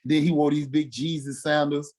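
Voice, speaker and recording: A former football player from Mississippi, telling stories casually and acting out quotes with lots of "you know what I'm saying". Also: male voice, fairly high pitch, flat delivery, normal speed, a little mellow. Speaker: former NFL fullback, podcast guest. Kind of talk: casual storytelling interview.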